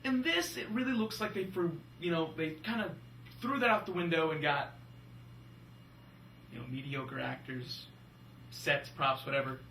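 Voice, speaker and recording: A young man co-hosting a casual movie-review chat, animated and jokey. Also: on the high side, moderate pace, gravelly, long pauses, slight background noise. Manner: animated, jokey, slips into silly voices. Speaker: film review podcast co-host. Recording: roomy room from a distance.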